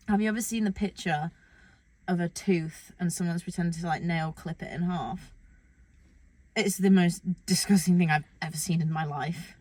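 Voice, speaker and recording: A woman's voice: lowish voice, steady tone, unhurried, a little mellow, slightly rough. A young woman from Britain co-hosting a casual podcast chat, blunt, teasing and dramatic. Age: young adult. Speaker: podcast co-host.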